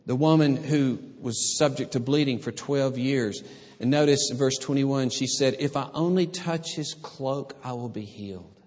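A man preaching a sermon as a pastor, earnest and halting, with frequent restarts and fillers. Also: medium pitch, a little mellow. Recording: long reverb of a hall.

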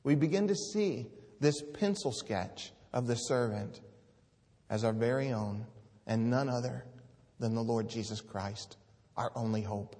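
Slow, earnest man preaching in a hall. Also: medium pitch, warm tone. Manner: earnest, pleading, reads scripture with rising force. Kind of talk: sermon.

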